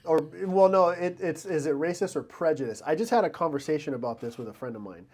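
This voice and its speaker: A man's voice: on the high side, lively intonation, quick pace, darkish tone. A man co-hosting a casual podcast, rambling and correcting himself as he jokes along. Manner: rambling, self-correcting, jokey. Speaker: podcast co-host.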